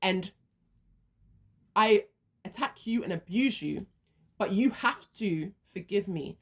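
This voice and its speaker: A woman's voice: medium pitch, lively intonation, slow pace, fairly bright tone, breathy edge. A woman speaking her views in an earnest monologue, walking through a hypothetical first-person story step by step. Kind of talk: reflective monologue.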